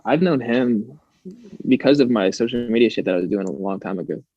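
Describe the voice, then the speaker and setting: A man's voice: medium pitch, fairly quick, mellow, dry recording, dull audio. A young man with a light Southern American accent, rambling in a casual podcast chat with lots of fillers. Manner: rambling, many fillers and restarts. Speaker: podcast co-host.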